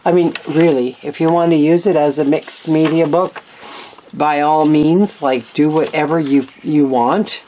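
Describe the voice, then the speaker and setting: Craft-channel host, woman, deep-ish voice, unhurried, chatty and rambling with candid asides, faint hiss behind her. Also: fairly even intonation, dark tone. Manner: chatty, meandering, frank asides. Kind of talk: casual craft show-and-tell.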